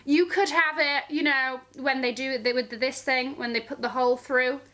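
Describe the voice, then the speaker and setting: Woman, gushing fashion vlogger, bright sparkly tone, slangy and sassy. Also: high-pitched, steady tone, normal speed. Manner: sassy and gushing, heavy slang, keeps checking in with "okay?". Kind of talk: casual to-camera fashion chat.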